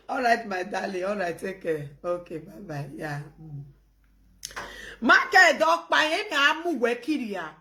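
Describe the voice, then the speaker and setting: Animated Nigerian woman ranting on a live stream. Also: medium pitch, a little slow, long pauses. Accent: Nigerian Pidgin English. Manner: animated, laughing, switches between loud outbursts and quiet phone chat. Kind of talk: casual live-stream rant.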